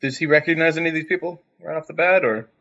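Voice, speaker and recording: A man's voice: a little high, fast talker, fairly bright tone. Hesitant man on a dull lo-fi mic. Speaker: player. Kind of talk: describing his character's actions.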